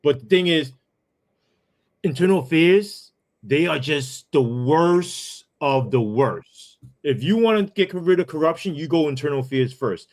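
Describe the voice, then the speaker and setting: A man's voice: a little high, animated, unhurried, darkish tone. A man, a former police sergeant who tells his story as a podcast guest in a heated, profane way, full of asides.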